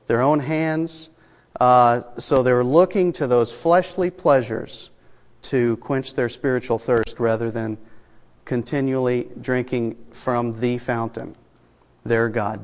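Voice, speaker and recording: Man, pastor, sermon, mid-pitched voice, deliberate pacing, slows for emphasis, long hall reverb. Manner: measured preaching with pauses and fillers, slowing for emphasis.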